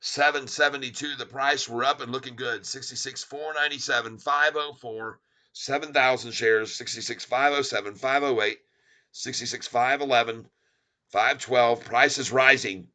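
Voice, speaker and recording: Guy hosting a stock livestream, bright tense voice, excited fast number calling. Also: mid-range voice. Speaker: stock market livestream host. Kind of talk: live stock-ticker commentary.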